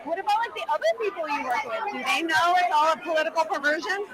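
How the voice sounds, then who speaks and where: A high-voiced woman presses a man with probing questions while they stand on a city street. Loud crowd noise surrounds her, and she nudges him along with short agreeing murmurs. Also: quick pace. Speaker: interviewer. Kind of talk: casual street conversation.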